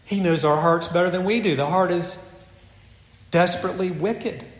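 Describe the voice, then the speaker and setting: A man preaching a sermon in an earnest, measured way, often dropping to a soft voice for emphasis. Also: high voice, reverberant, long reverb tail.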